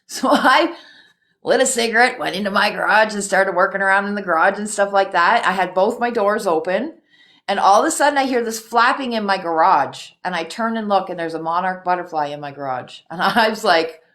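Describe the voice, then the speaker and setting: A woman hosting a casual spiritual chat, telling stories in a lively way, swearing freely and laughing often. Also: medium pitch. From Canada. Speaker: host.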